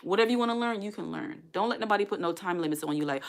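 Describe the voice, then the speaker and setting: A woman's voice: medium pitch, very fast, vocal fry. A woman chatting casually with her livestream viewers, rambling and encouraging as she signs off.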